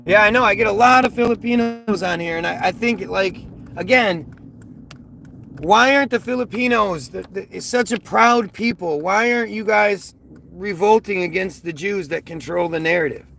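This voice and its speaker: A man's voice: sits high, normal speed, vocal fry, sharp tone. Ranting man streaming from a car. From United States. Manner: rambling, repeats words, ranting. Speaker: livestreamer. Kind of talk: casual livestream talk reading chat aloud. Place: inside a car while driving. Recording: car and road noise behind.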